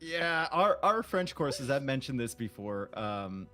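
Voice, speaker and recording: A man's voice: medium pitch, very animated, measured pace, bright, forceful tone, soft background music. A man co-casting a game stream, rambling through self-deprecating anecdotes while filling time. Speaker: esports caster. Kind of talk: casual stream chat.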